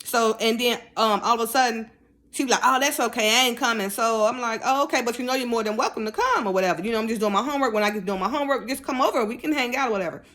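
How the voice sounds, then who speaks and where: A woman's voice: fairly high pitch, racing. A middle-aged woman casually telling a personal story, acting out the dialogue in a raised voice. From United States. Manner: animated, acts out dialogue in raised voice.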